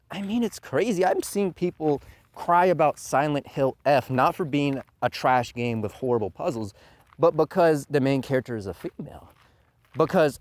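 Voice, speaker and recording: A man's voice: mid-range voice, lively intonation, normal speed. A man hosting a commentary channel, delivering a heated, profane rant and mocking his critics in put-on voices. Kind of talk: ranting commentary monologue.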